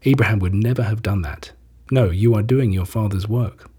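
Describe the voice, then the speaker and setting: A man reading as Jesus, solemn and husky. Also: on the low side, dark tone. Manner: measured, solemn. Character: Jesus, a calm, authoritative teacher, adult man. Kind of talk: scripture reading.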